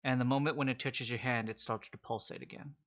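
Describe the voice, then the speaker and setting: A man narrates a tabletop game as game master, his mid-range voice loose and full of filler words. The stream audio is dull and lo-fi, losing its crispness. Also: medium pitch, steady tone, fast.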